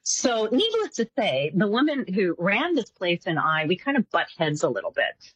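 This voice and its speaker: Woman, animated storyteller, husky edge, dry close sound. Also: mid-range voice, moderate pace, dry recording, rough recording. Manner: animated, acts out voices in her stories. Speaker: psychic guest. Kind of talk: casual storytelling interview.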